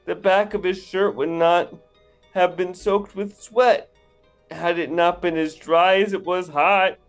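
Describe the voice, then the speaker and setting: A man's voice: high voice, fairly even intonation, unhurried, soft background music. Man reading a silly book, chuckling. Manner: reads steadily, laughing at the text. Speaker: podcast guest reading aloud.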